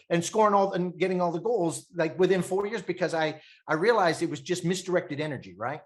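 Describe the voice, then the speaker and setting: A man in his fifties from Canada, a podcast guest telling animated stories, laughing often and acting out the voices of people he quotes. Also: high voice, a little fast. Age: 50s. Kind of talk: animated storytelling.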